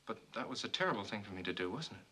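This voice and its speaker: A man's voice: on the low side, animated, rapid-fire, bright, forceful tone, slight background noise, poor audio. A young actor playing an eager, ingratiating rich student who fusses over his guests in a 1950s film. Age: young adult. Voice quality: eager, talkative, fussing host. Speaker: law student.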